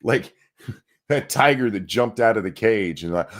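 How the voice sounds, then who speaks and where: A man's voice: fairly low pitch, big pitch swings, moderate pace. A man hosting a podcast, ranting and telling stories in a casual, profane, exasperated way. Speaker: podcast host.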